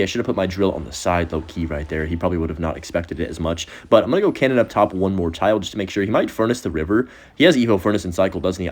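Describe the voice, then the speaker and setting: A young man talks quickly over his own match, his voice sitting low most of the time. He calls plays in a rapid, casual flow and jumps high when the game surprises him. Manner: rapid, excitable, with sudden high-pitched outbursts. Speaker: gaming video host. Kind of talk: live gameplay commentary.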